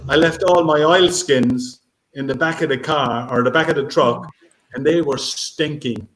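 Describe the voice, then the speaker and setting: A man giving a conference talk as a marine biologist, speaking haltingly with many fillers and restarts. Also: mid-range voice, fairly bright tone. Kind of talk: conference talk answering questions. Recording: echoey room, faint noise.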